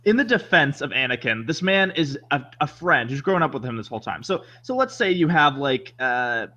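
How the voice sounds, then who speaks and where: A man's voice: medium pitch, normal speed, highs cut off. A man co-hosting a podcast in casual chat, rambling and correcting himself as he goes. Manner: rambling, self-correcting, animated. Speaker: podcast co-host.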